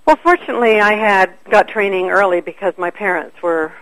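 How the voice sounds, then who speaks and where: Gravelly older woman telling stories. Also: medium pitch, a little fast, low-quality recording. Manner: animated, acts out quoted voices. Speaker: interview guest. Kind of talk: conversational storytelling.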